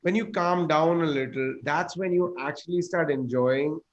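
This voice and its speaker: Man, slightly higher voice, casual chat, quick animated storytelling. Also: muffled recording. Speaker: comedian guest.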